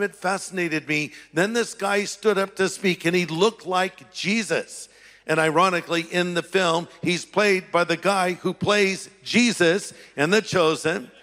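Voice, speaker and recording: A man's voice: high voice, bright, forceful tone, in a large hall. A male pastor sharing a personal testimony as a sermon, acting out the voices of people in his story.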